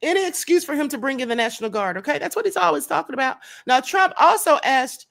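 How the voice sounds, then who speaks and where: A woman's voice: high voice, expressive, quick pace, gravelly, fairly bright tone. A woman hosting a live stream, commenting on the news in a sassy, laughing way and calling her viewers honey.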